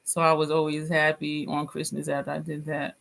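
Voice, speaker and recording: Deep, creaky and monotone, this woman speaks briskly. As a vlogger in a relaxed live chat, she reads out comments, laughs a lot and drops into voices when quoting people.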